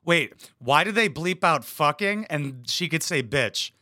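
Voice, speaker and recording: A man's voice: a little high, expressive, unhurried, bright, forceful tone, a little hiss or hum. A young man making crude, sarcastic jokes as he comments on a reality show clip. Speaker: reaction commentator.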